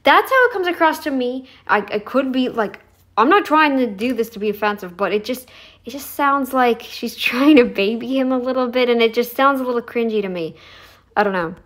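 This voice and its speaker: A chatty woman talks through a reaction video in a loose, blunt way, tossing in "dude" and "honey." Her voice sits a little on the high side. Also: lively intonation, a little fast. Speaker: reaction commentator. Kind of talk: casual reaction commentary.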